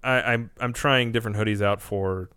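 A man hosting a casual podcast chat, talkative and quick to laugh, often restarting his sentences. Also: lowish voice, fairly even intonation, bright, forceful tone, clean tone, dry recording, studio quality. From American Midwest. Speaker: podcast host.

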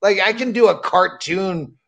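Guest, male, from Massachusetts, gravelly and a little high, stammers and restarts often. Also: moderate pace, a bit bright. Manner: hesitant, stammering, lots of uh. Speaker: comedian guest. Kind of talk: casual chat.

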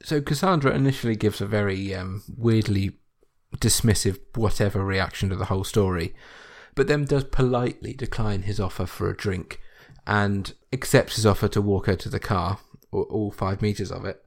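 A man's voice: lowish voice, normal speed, vocal fry, few pauses. A man co-hosting a podcast, bantering wryly and swearing casually while recapping a sitcom. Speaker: podcast co-host.

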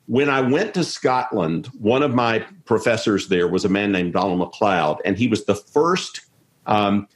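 Man, 50s, low voice, rambling interview guest who restarts a lot. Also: lively intonation, unhurried. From South Carolina, US. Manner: rambling, many restarts and repeated words. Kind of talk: conversational interview.

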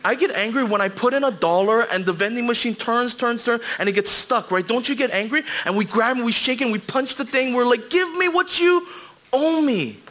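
A man in his thirties preaching a sermon in a church, conversational and animated, with quick asides to the congregation. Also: very high voice. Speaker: pastor. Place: church sanctuary.

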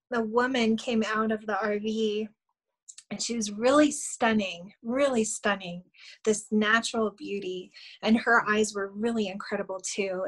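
A woman's voice: mid-range voice, low-quality recording. A middle-aged woman, a guest on a podcast, earnestly telling a personal story with many fillers and small laughs. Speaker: guest, shamanic healer.

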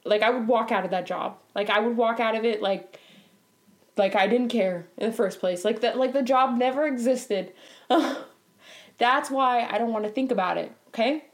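A woman's voice: a little high, moderate pace. A woman telling a work story in a casual, exasperated rant, laughing now and then. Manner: animated, exasperated, laughs while talking. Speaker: bank teller.

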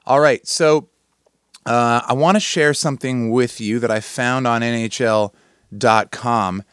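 A man's voice: medium pitch, steady tone, a little slow, a bit bright, clear, resonant tone, no echo, studio quality. A tired man hosting a casual sports podcast, rambling and joking at his own expense. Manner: jokey, meandering, self-deprecating. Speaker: podcast host.

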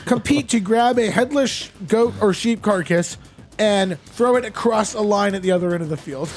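A man hosting a casual quiz among friends, reading out the answers in a plain, deadpan way. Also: sits high, moderate pace. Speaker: quiz host. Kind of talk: casual quiz game chat.

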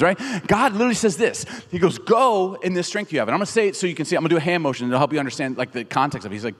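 A man's voice: on the high side, very fast. A middle-aged man preaching a sermon in a large theater, telling jokes and acting out quotes with lots of energy. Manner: animated storytelling with jokes and acted-out quotes. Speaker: pastor. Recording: long reverb of a big theater hall.

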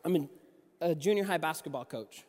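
Man preaching with animated stories, hall reverb. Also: a little high, normal speed. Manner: conversational, animated storytelling with restarts. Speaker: youth pastor and junior high basketball coach. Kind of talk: sermon with personal stories.

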